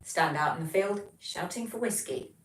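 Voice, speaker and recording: A woman's voice: fairly low pitch, moderate pace, a little hiss or hum. A young English woman hosting a casual livestream, chatting and reading out viewer comments with lots of ums. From England. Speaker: livestream host. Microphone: phone. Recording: echoey room, mic far off.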